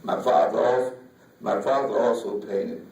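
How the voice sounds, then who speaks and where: A man, a folk artist, giving an emotional personal talk in a halting way, often repeating words, with Southern vernacular. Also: medium pitch, fairly even intonation, darkish tone, a little hiss or hum. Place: museum lecture hall. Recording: echoey hall, voice from far off.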